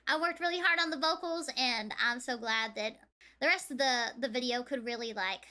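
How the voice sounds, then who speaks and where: Giggly high-voiced Southern woman streamer. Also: sharp tone. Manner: giggly, chatty, drawn-out vowels. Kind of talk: casual livestream chat.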